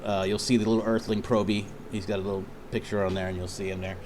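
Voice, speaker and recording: A man's voice: on the low side, level tone, fast talker, background noise. An American man co-hosting a casual podcast, talking in a laid-back, profane way. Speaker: podcast co-host and musician. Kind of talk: casual chat.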